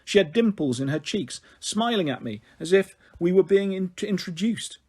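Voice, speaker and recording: Man, reading a storybook aloud, high voice, husky, animated. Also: normal speed. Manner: expressive storytelling. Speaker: story reader. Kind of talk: reading a children's novel aloud.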